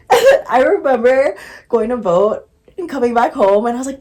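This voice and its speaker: A woman's voice: on the high side, sing-song, moderate pace, a little mellow. A young adult woman talking candidly to the camera in a casual vlog, often laughing, leaning on "like" and swearing casually. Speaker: vlogger. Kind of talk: casual reflective vlog talk.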